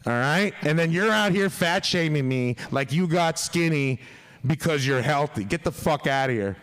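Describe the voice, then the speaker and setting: Guy on a podcast rambling thru a story, swears a ton, kinda high voice. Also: animated, moderate pace, fairly bright tone, smooth. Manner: profane, rambling, laughs through his stories. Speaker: podcast guest. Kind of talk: casual storytelling.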